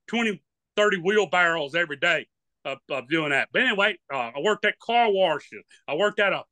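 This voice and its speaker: A man's voice: high voice, bright, forceful tone, no echo. An older man with a Louisiana Southern accent, a duck hunting guide, telling rambling folksy stories in an interview and acting out the voices of the people in them. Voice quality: hard of hearing. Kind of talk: storytelling in an interview.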